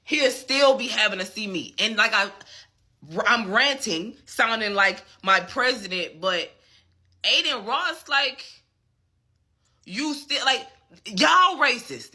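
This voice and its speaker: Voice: medium pitch, animated, slow pace, pauses often, bright, forceful tone. A vlogger delivering a fired-up, profane commentary rant and repeatedly checking in with the listener. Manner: emphatic and profane, often asking "you get what I'm saying". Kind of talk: ranting commentary.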